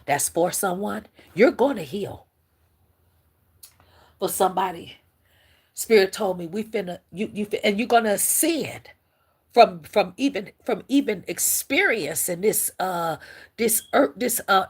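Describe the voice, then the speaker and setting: Woman, spiritual livestream host, husky, emotional, preacherly. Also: medium pitch, animated, normal speed. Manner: emotional, preacherly, talks straight to viewers. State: teary. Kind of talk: casual spiritual livestream talk.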